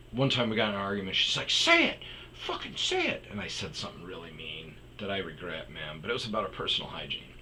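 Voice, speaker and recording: A man's voice: on the low side, fairly bright tone, slight background noise, rough recording. A man telling a rambling, profane personal story in a casual monologue, with many restarts and fillers. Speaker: storytelling podcaster.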